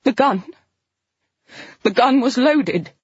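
Woman narrator doing a frantic young woman, screaming, high and loud, audiobook, dull sound. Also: expressive, slow pace, slightly rough, no echo, full character voice. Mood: shocked. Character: panicked young woman holding a gun. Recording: dull, slightly lo-fi dry recording.

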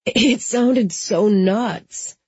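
A woman reading the part of a shaken young man who quietly confesses a family secret, in a dry, slightly dull recording. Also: high voice, very slow, slightly rough, no echo, pitched above the performer's own voice, exaggerated voice. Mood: grim. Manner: quiet, hushed.

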